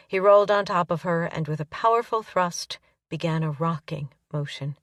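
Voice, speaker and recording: A woman narrating a romance audiobook in an even, unhurried storytelling manner. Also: on the low side, dry recording, studio quality, distant mic.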